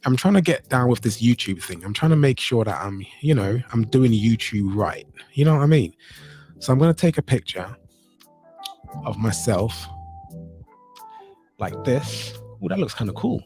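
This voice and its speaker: A man's voice: medium pitch, animated, normal speed, pauses often, a little mellow, soft background music. Upbeat man chatting on a home livestream. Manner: upbeat, chatty, repeats greetings to viewers. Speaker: livestream host. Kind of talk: casual livestream chat.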